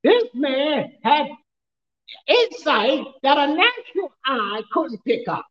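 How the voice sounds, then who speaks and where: A man with a high voice preaches a sermon, mixing funny stories and laughter with shouted questions to his congregation. The sound is roomy and a little muffled, as if taken from the back of a church. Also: very animated, takes it slowly. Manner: storytelling, humorous, laughs often. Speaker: pastor.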